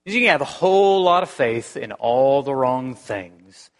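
The recording has long hall reverb around a male pastor whose mid-range voice is expressive and a little slow. He preaches conversationally, restarting phrases and firing rhetorical questions.

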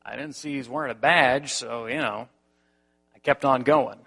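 Bright-voiced preacher telling a story. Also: male voice, medium pitch, moderate pace, vocal fry, breathy edge. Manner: animated storytelling with many restarts. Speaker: pastor. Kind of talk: sermon.

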